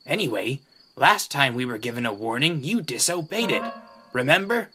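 A man's voice: medium pitch, very animated, moderate pace, sharp tone, faint music behind. A man voicing a cheeky, know-it-all little male engine twin who talks down to his brother. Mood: bossy. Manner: snorting, bossy.

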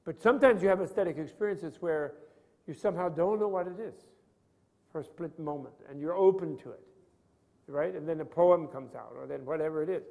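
Older man, lecturer, gravelly voice, conversational and rambling, long hall reverb. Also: fairly high pitch, a little fast, a little mellow. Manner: rambling, conversational, asks students questions. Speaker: Buddhist scholar lecturing. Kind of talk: lecture on Buddhist philosophy.

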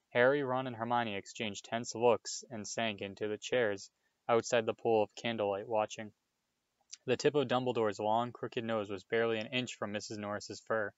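A man reading a children's novel aloud in a steady, measured way. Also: fairly low pitch, no echo, highs cut off. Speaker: reader. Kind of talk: audiobook read-aloud.

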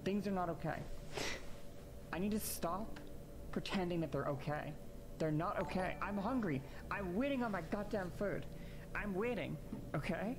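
A woman's voice: lowish voice, moderate pace, pauses often, background noise. A woman in a played clip, giving a fed-up, repetitive complaining monologue. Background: music.

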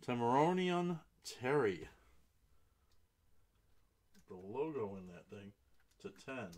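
Slow-paced man hosting a card break. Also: mid-range voice. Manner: reads out cards and buyers' names, bursts into excited exclamations. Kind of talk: live card break commentary.

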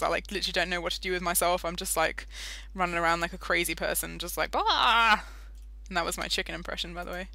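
A woman's voice: on the low side, pushed and bright, no echo. A young British woman giving casual, giggly commentary while playing Minecraft, easily sidetracked. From Britain. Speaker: Minecraft let's-play host.

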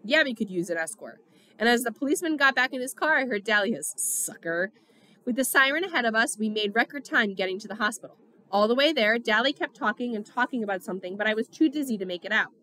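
Bright-voiced woman reading a novel aloud. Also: on the high side, fast talker. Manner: expressive storytelling. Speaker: audiobook reader.

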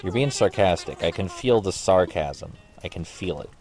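A man's voice: low voice, expressive, normal speed, darkish tone, soft background music. A man casually commentating while playing a video game, rambling, sarcastic and swearing offhandedly. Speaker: gaming streamer. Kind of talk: casual let's play commentary.

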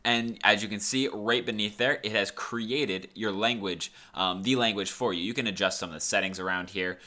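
A man hosting a casual screen-recorded software tutorial, talking in a laid-back, rambling way with lots of fillers. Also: on the low side, moderate pace. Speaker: tutorial host.

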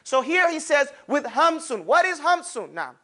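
Teaching the Arabic letters to his class, a man speaks in a very high voice at a moderate pace. He keeps things lively, picking on students, asking and answering his own questions, and dropping casual slang.

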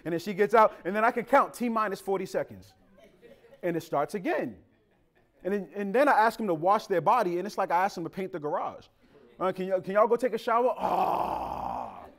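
A man's voice: high voice, fairly quick. A man preaching a sermon as pastor, telling funny family stories in a casual, colloquial way and talking straight to the congregation. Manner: animated, joking storytelling with a casual, colloquial delivery; talks directly to the congregation.

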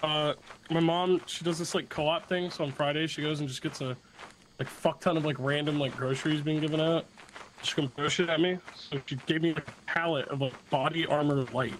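A man's voice: on the high side, fairly even intonation, fairly quick, a little hiss or hum, rough recording. A man playing a game with friends, chatting in a laid-back, rambling way and swearing casually. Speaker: co-player. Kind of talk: casual gaming chat.

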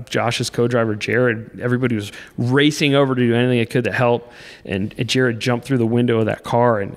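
A man in his thirties, a podcast guest, telling an emotional personal story in a halting, intense way with frequent restarts. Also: mid-range voice, vocal fry, in a large hall. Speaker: podcast guest, off-road racer.

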